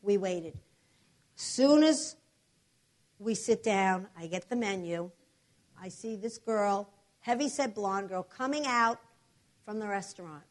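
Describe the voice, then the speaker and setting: A middle-aged woman preacher telling a testimony in a sermon, animated and acting out the voices and prayers of the people in her story. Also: medium pitch, slow pace, long pauses.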